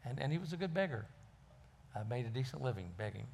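A man preaches in a mid-pitched voice. He tells his sermon as a folksy story, easing in with ums and uhs. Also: big pitch swings, fast, creaky, a little mellow.

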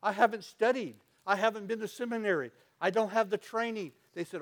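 A man preaching a sermon as pastor, telling stories and swinging from loud to quiet. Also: high voice, a little fast.

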